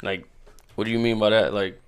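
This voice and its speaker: A man's voice: on the low side, steady tone, brisk, clean tone. A young man speaking in an emphatic casual chat, full of slang and "you know what I'm saying.".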